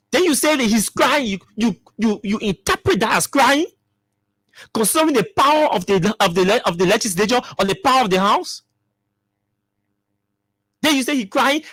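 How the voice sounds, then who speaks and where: A man's voice: extremely high pitch, fairly bright tone, no echo, clean studio sound. A man with a Liberian English accent hosts a talk show, giving emphatic political commentary full of repeated rhetorical questions.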